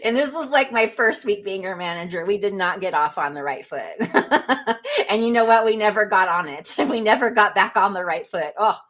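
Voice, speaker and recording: A woman's voice: medium pitch, animated, moderate pace, a bit bright. Chatty woman hosting a livestream. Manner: chatty, self-deprecating, laughs often. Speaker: livestream host. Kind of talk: casual livestream chat reading comments.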